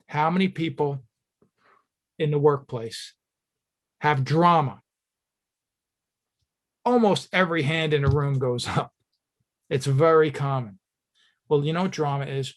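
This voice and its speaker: A man giving a motivational keynote to firefighters. He speaks directly to the audience, tells stories, acts out short quotes and asks rhetorical questions. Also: a little high. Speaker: keynote speaker at a fire service training school.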